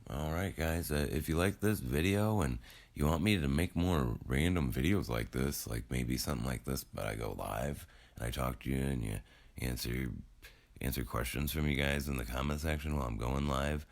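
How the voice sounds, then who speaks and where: A man's voice: extremely low pitch, moderate pace, gravelly. A man in his forties, just woken up, rambling to his viewers in a casual, self-deprecating vlog monologue. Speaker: YouTube creator.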